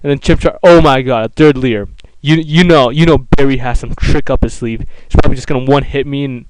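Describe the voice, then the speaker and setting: A man's voice: mid-range voice, fairly quick, darkish tone, clear, resonant tone, dry recording, rough recording. A man giving casual, sarcastic gameplay commentary, swearing freely and often restarting his sentences. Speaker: let's play commentator.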